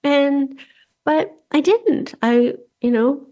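Woman host chatting away, lots of likes and restarts, kinda high voice. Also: slow pace, dark tone, highs cut off. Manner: chatty, rambling with many restarts and fillers. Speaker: podcast host. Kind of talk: casual conversational interview.

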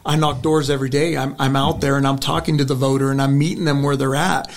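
A man's voice: medium pitch, little pitch movement, fast, creaky. A middle-aged man, a political candidate, answering an interview question in an earnest, rambling storytelling way with frequent restarts. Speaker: state senate candidate.

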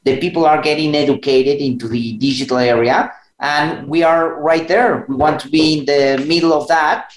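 A man speaking as a guest on a panel in a measured, slightly halting way. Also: on the high side, steady tone, a little hiss or hum. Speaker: guest executive. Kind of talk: casual panel talk. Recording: echoey room.

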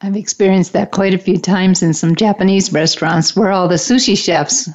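A woman's voice: medium pitch, normal speed, darkish tone, muffled recording. A woman hosting a radio show, chiming in with friendly conversational remarks.

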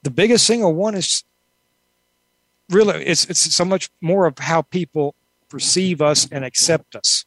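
A woman's voice: fairly low pitch, measured pace, no room sound, poor audio. A woman author answering interview questions in a thoughtful, rambling way, with many asides. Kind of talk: casual conversational interview.

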